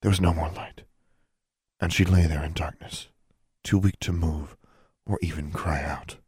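A man narrating a fantasy story as an audiobook, in a steady, measured reading. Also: low voice, slightly rough, no room sound, clean studio sound.

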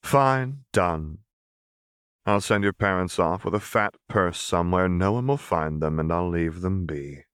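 A man's voice: deep voice, measured pace, fairly bright tone, clear, resonant tone, no room sound, studio quality. A man voicing a smug, silky woman boss. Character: powerful woman company director, smug and silky. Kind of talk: audiobook character voice.

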